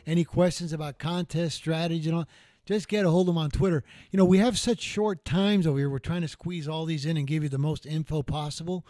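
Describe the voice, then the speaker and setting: A man hosting a sports betting talk show from a studio, brisk and plain. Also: a little high, fairly even intonation, dark tone, no echo. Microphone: close studio mic.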